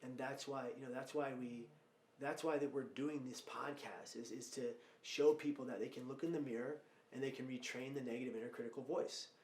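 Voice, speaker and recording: A man hosting a podcast, talking emphatically and growing loud when telling stories. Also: medium pitch, fairly even intonation, fairly quick, a little hiss or hum. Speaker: podcast host and speaker. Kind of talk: podcast conversation. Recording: roomy echo.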